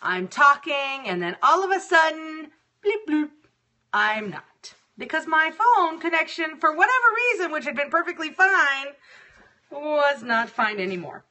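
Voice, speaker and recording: A woman's voice: high voice, big pitch swings, measured pace, pushed and bright. A woman hosting a show, telling a story about her day in a casual, profane, exasperated way. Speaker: radio show host.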